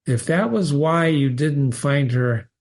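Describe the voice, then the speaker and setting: A man voicing a cold, controlled housekeeper woman in a quiet, flat monotone. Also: a little high, takes it slowly.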